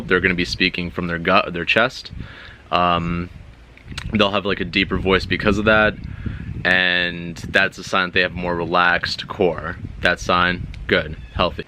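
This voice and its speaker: Deep-voiced man talking to camera. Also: bright, forceful tone, slight background noise. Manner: loose, rambling, many fillers and restarts. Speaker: vlogger. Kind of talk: casual talk to camera. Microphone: own camera.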